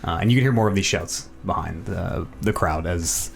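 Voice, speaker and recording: A man's voice: sits low, moderate pace, gravelly, slight background noise. A man narrating as dungeon master, with many ums and restarts. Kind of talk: narrating a tabletop game.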